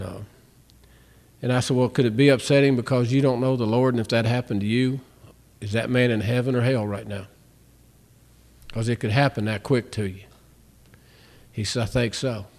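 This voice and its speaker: A man's voice: mid-range voice, a little mellow. A man with a drawl gives a Christian testimony in plain, folksy speech. He tells his stories by acting out both sides of each conversation, often restarting his sentences as he goes. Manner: storytelling, acts out both sides of dialogues. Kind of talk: spoken testimony.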